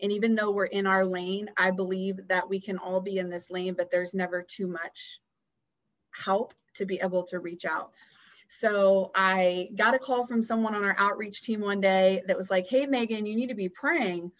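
A woman guest on a podcast, telling a personal story in an earnest, animated way. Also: mid-range voice, moderate pace, highs cut off. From Houston area, US. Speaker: guest, founder of a nonprofit.

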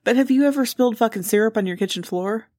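A woman's voice: a little high, fast, darkish tone, no echo, clean studio sound. A woman in her thirties co-hosting a podcast, chatting casually and candidly and swearing freely. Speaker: podcast co-host. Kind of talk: casual chat.

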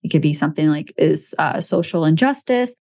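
A woman's voice: deep voice, lively intonation, fairly quick, a little mellow. A woman hosting a podcast in casual chat, talking in an emphatic, motivational way and often checking in with "right?". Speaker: podcast host.

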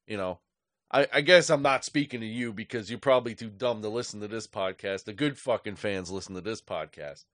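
A man's voice: lowish voice, fairly quick, a bit bright, dry recording. Middle-aged male podcast host, angry profane rant, dry recording.

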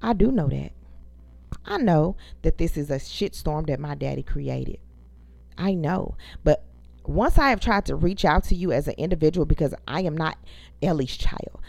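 Gravelly-voiced woman venting in her thirties. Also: deep voice, lively intonation, moderate pace, darkish tone, dry recording. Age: 30s. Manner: venting, emphatic, profane, talks to viewers as y'all. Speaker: podcast host. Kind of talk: casual storytelling rant.

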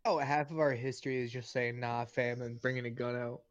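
A man's voice: medium pitch, brisk, muffled recording. A young man co-hosting a podcast in casual joking chat, rambling and swearing freely. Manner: profane, rambling, animated. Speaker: podcast co-host.

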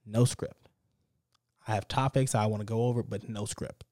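A man's voice: lowish voice, steady tone, moderate pace, dark tone, no echo. A young man hosting his own podcast alone, talking unscripted in an upbeat, motivational, repetitive way into a close mic. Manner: talks from the heart without a script. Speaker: podcast host. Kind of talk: casual solo podcast monologue.

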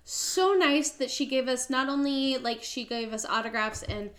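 A woman's voice: sits high, moderate pace, fairly bright tone. A young adult woman co-hosting a podcast in casual chat, giggly and enthusiastic. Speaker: podcast co-host.

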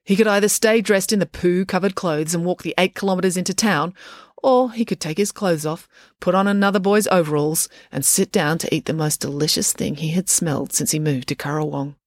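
A woman with a fairly low voice reads a children's chapter book aloud. She reads steadily and clearly. The recording is dry and close to the mic. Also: brisk, dry recording. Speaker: storyteller reading a children's book. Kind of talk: storybook read-aloud narration.

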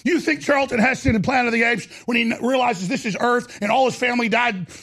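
A middle-aged male talk show host ranting heatedly, often breaking into shouts and growls. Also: extremely high pitch, steady tone, quick pace. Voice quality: gravelly, husky voice.

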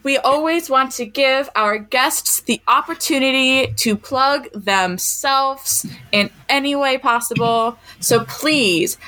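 A woman from rural Maryland hosting a podcast, chatting casually and laughing often as she tells family stories. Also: high-pitched. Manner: laughs often, animated when telling stories. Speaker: podcast host. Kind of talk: casual chat.

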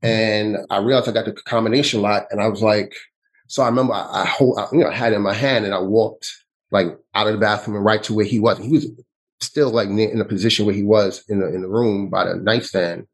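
A man, telling a personal story as an interview guest, with halting speech that often restarts and repeats. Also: fairly low pitch, steady tone, slightly rough, low-quality recording. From New York City. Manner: halting, with frequent restarts and repetitions.

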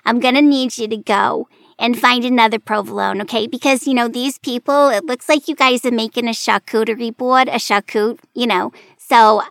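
A woman's voice: on the high side, steady tone, vocal fry, a bit bright, no room sound. Lady doing a pushy staten island checkout lady, talks her ear off, dry close sound. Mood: bossy. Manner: bossy, fast-talking, repeats herself. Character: brassy chatty female grocery cashier.

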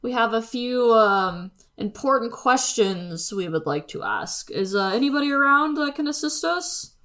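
A woman voicing a stiffly formal, hesitant adventurer with a raised pitch. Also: expressive, moderate pace, fairly bright tone. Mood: polite. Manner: stilted formal phrasing, hesitant.

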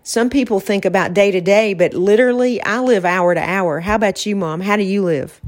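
A woman's voice: mid-range voice, a little fast. A woman hosting a podcast, talking in a reflective, casual way about faith and getting through hard times. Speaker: podcast host.

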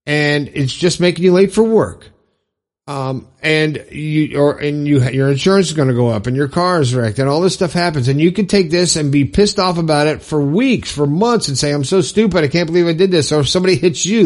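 A man giving an earnest, rambling motivational talk to listeners, often repeating himself. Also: a little high. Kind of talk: motivational monologue.

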